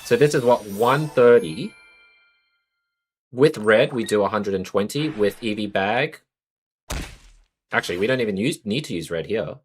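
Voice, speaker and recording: A man's voice: lowish voice, lively intonation, normal speed, long pauses, slight background noise. A young Australian man streaming a card game, chatting casually with viewers and thinking aloud about his moves. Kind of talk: casual live-stream commentary while playing a card game.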